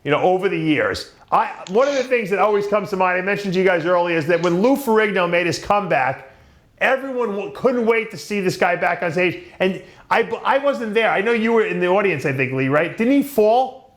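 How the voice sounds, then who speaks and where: A man hosting a casual panel chat, animated and quick to react. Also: high-pitched. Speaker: host.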